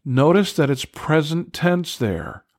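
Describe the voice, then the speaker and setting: Slow, earnest male Bible teacher. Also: on the high side, big pitch swings, dry recording, clean studio sound. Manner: earnest, emphatic on key words, asks listeners directly.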